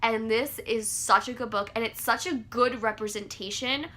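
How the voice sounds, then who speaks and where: A young woman chatting casually about books she read, gushing and excitable with lots of fillers. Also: fairly high pitch, normal speed. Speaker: book vlogger. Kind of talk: casual book review chat.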